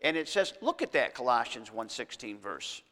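A man preaching a sermon as pastor, emphatic, slowing down to stress scripture verses. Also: mid-range voice, very animated, bright, forceful tone. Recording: long hall reverb.

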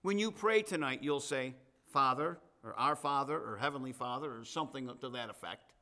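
A man's voice: mid-range voice, moderate pace, pushed and bright. A middle-aged man preaching a sermon to his congregation, mixing scripture with chatty asides and folksy humor. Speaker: pastor.

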